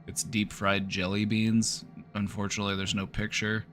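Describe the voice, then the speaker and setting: A man's voice: lowish voice, level tone, normal speed, a bit bright, soft background music. A man streaming live, giving casual joking commentary with wry running reactions. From United States.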